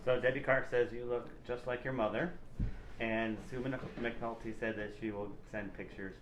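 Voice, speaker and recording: A man quietly relaying viewer comments from away from the microphone during a live stream. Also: mid-range voice, steady tone, moderate pace, background noise.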